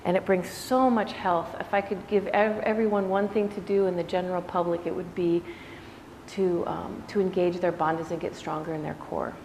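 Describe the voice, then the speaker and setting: A woman's voice: fairly low pitch, fairly even intonation, normal speed, a little mellow. A woman yoga teacher giving a casual, reflective talk to her class, conversational and full of "you know"s. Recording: echoey room with faint background noise.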